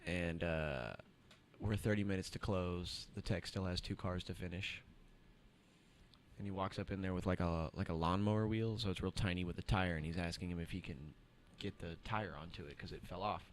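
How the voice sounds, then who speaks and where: A young man in casual chat, telling an animated story and acting out the voices of the people in it. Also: deep voice, moderate pace, slight background noise. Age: young adult. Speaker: podcast co-host.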